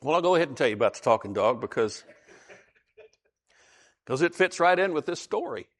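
A man preaches a sermon conversationally, quizzing his listeners and cracking jokes. His medium-pitched voice moves briskly with lively intonation.

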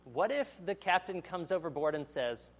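A man's voice: a little high, animated, moderate pace. A man preaching a sermon, reading scripture aloud and then explaining it in a conversational way, asking the audience questions and acting out the quotes. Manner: acts out quotes in voices.

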